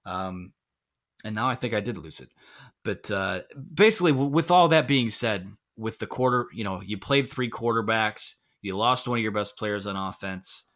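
A man with a slightly low, bright, forceful voice hosts a casual sports talk podcast. He rambles and corrects himself, tossing in joking asides as he talks over a remote call. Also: expressive, normal speed. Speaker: podcast host.

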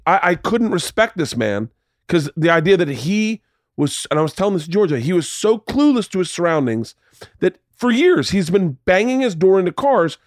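A man's voice: sits high, no room sound. Rambling storytelling man, dry close sound. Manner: rambling storyteller, swears casually. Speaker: podcast host. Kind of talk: casual chat.

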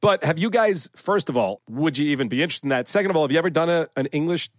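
A man's voice: a little high, animated, fast, no room sound. A middle-aged man co-hosting a podcast, talking earnestly and at length in casual chat, often restarting his sentences. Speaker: podcast co-host, series creator.

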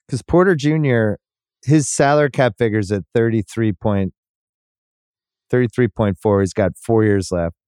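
A man's voice: fairly low pitch, normal speed, darkish tone, smooth, no room sound, studio quality. A man hosting a sports podcast, thinking aloud in casual chat with restarts and the odd swear. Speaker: podcast host.

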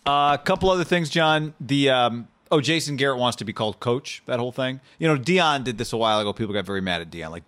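A man in his usual mid-range voice co-hosting a sports talk show. He works through his opinions out loud and often restarts his sentences. His delivery is loose and conversational, like easy banter between regular co-hosts. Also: medium pitch, fast talker. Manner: opinionated, thinks aloud with restarts. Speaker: sports talk podcast co-host.

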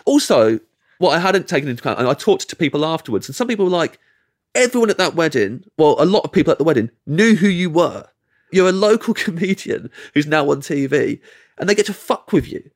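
An English comedian telling a long anecdote as a podcast guest, acting out the people in it and laughing mid-sentence. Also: male voice, fairly high pitch, fairly quick. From England. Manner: animated, acts out quoted voices, laughs mid-sentence. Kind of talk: storytelling anecdote.

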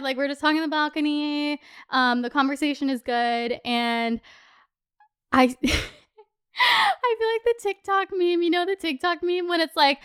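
A woman's voice: high-pitched, a bit bright. A young woman in her twenties hosting a podcast, telling a story in a chatty way, swearing often and saying "like" a lot. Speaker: podcast host. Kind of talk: casual storytelling.

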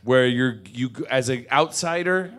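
A man ranting as a comedian, piling up restarts and asides as he goes. His voice sits at an ordinary middle pitch. He keeps the riff loose and unscripted. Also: unhurried, fairly bright tone. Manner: rambling, self-interrupting riff with frequent restarts. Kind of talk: stand-up rant.

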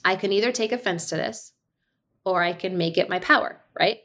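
An animated woman with a mid-range voice briskly tells a family story as a guest on a podcast, where she appears as an actor and director. In this casual storytelling chat she acts out the quotes and laughs easily.

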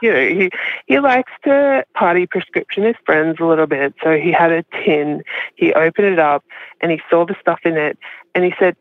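A woman's voice: fairly low pitch, normal speed, no room sound. Rambling woman on a tinny phone line. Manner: rambling, heavy use of "like", laughs often. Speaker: caller telling a personal story. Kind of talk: casual confessional storytelling.

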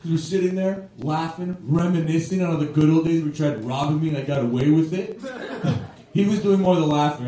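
A man's voice: fairly high pitch, animated, a little fast, dark tone. A young man from Toronto doing a stand-up set, rambling loosely and tagging lines with "right?" and "okay?". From Toronto, Canada. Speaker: stand-up comedian. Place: comedy club stage. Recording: live club recording, roomy and distant. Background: audience laughing.

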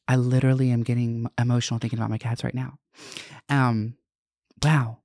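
A woman's voice: rumbling low, level tone, fairly quick, a little mellow, dry recording, studio quality. A woman hosting a podcast in casual chat, rambling and swearing, with lots of "like" and "you know". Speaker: podcast host.

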